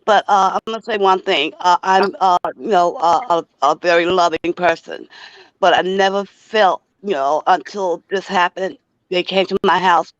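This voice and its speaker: A middle-aged woman calling in, talking in a halting way with many fillers. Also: lowish voice, dry recording, lo-fi sound. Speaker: caller.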